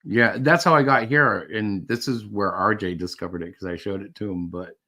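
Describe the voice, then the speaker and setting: A man with a fairly low voice hosts a casual live-stream chat. He rambles in halting, restarting sentences and laughs easily as he tinkers with his setup. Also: pushed and bright. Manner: rambling, halting, laughs while fiddling with tech.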